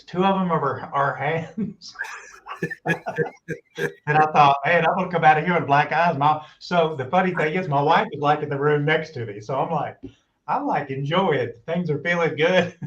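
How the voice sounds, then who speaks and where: A man telling long, animated stories in casual chat and acting out the quoted voices, recorded with muffled audio. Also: fairly high pitch, a little slow. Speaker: guest on a talk stream. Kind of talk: casual storytelling.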